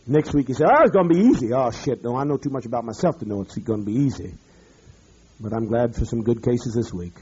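A man, a pastor, berating his congregation in a profane rant, swinging from shouting to muttering. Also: mid-range voice, husky, muffled recording. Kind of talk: ranting address to his congregation.

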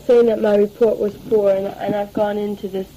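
Woman, late teens, chatty and rambling, lots of ums, dark soft tone. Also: medium pitch, little pitch movement, moderate pace, slight background noise, rough recording. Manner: rambling and chatty, with many fillers and restarts. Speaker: letter writer. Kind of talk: spoken audio letter to family.

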